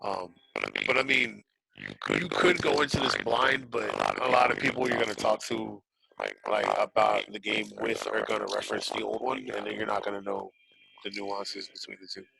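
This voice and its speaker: Co-host man, gravelly low voice, calm, noisy glitchy mic. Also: moderate pace. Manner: calm, steady, starts with "um". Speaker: podcast co-host. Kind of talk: casual podcast chat.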